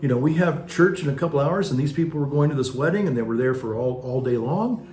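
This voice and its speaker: A man's voice: medium pitch, lively intonation, fast, a little mellow, slight background noise. A man, a parish priest, telling stories in a casual, rambling way with many restarts and asides. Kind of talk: casual reflective monologue. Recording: roomy echo with faint music.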